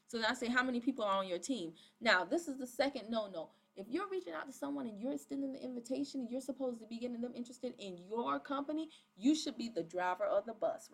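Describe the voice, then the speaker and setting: A woman's voice: on the high side, vocal fry, fairly bright tone. A woman, chatting in a casual vlog as a network marketing coach and reading out chat messages. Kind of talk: casual talking-head vlog.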